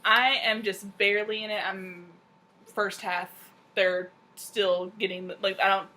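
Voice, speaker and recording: A woman's voice: medium pitch, flat delivery, a little slow, pushed and bright. A woman co-hosting a knitting and books podcast, chatting casually about what she is reading. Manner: chatty, reads a synopsis aloud with stumbles. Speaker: podcast co-host. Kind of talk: casual book chat.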